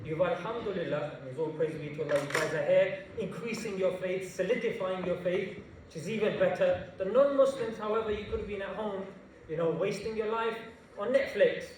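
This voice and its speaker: Man, animated jokey talk, high voice, very echoey hall, mic far off. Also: a little fast, a little hiss or hum. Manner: animated, jokey, slangy storytelling. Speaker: invited speaker. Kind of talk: public talk to students. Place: large university hall.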